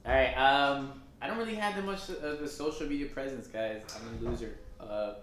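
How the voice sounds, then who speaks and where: A young man co-hosting a casual podcast, laughing a lot and firing off quick reactions. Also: fairly bright tone, heavy reverb, slight background noise. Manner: laughs a lot, quick reactions, low-key when plugging. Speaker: podcast co-host. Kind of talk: casual chat.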